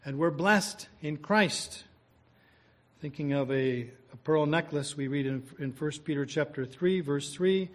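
A man's voice: a little high, a little slow. A man preaching a sermon, reading scripture, praying and asking the listeners rhetorical questions in an earnest, conversational way.

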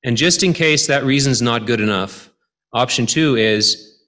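A man's voice: mid-range voice, unhurried, pushed and bright. A man preaching a sermon in a conversational way, building to emphatic appeals.

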